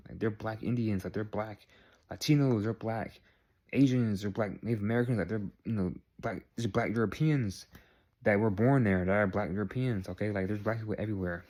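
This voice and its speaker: A man with a notably low, deep voice talks straight to his camera in a loose, rambling vlog. He circles back on his own phrases and keeps checking in with the viewer. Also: a little mellow. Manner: rambling, repeats phrases, checks in with "all right?". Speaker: vlogger. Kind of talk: casual talk to camera.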